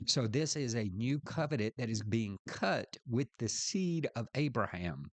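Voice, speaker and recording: A man teaching a scripture study lesson, walking through the text and reading verses aloud with deliberate emphasis. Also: mid-range voice, lively intonation, dry recording. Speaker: Bible teacher.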